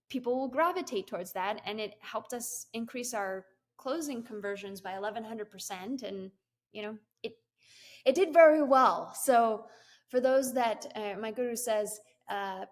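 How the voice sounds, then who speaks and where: A middle-aged woman, a guest on an interview show, telling her story in a casual, giggly way with many fillers and laughs. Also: a little high. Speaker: guest, business coach and CEO.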